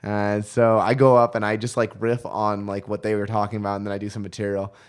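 A man's voice: on the low side, fast talker, clean tone. A man, a stand-up comedian, casually telling a funny anecdote and laughing as he goes. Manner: animated anecdote with quoted voices, laughing often. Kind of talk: casual storytelling in a podcast chat.

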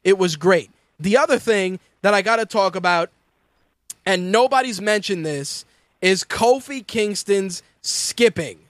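A man hosting a casual wrestling and fight talk show, animated and profane, often mimicking the people he talks about. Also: sits high, measured pace, no echo. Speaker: podcast host.

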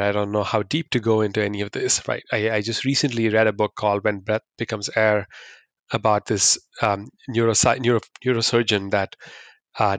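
A man hosting a podcast, speaking thoughtfully and haltingly with many restarts. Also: lowish voice, fairly bright tone, no room sound. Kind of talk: reflective podcast conversation.

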